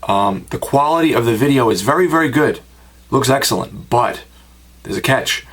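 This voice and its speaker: A man's voice: medium pitch, animated, normal speed, fairly bright tone, husky. Rambling American man reviewing a film. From United States. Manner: rambling, conversational, with personal asides. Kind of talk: casual home-video review.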